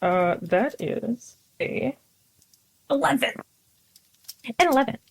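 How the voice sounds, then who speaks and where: A woman's voice: a little high, expressive, slow pace, creaky, slightly rough, low-quality recording. A woman taking part as a player in a tabletop game, chatty and enthusiastic. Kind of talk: casual tabletop game play.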